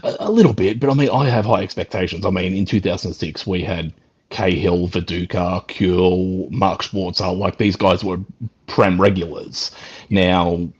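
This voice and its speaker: An Australian man calling in to a football stream, talking casually and excitedly and laughing easily. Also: low-pitched, moderate pace, slightly rough. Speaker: caller. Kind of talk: casual chat. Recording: dull lo-fi call line.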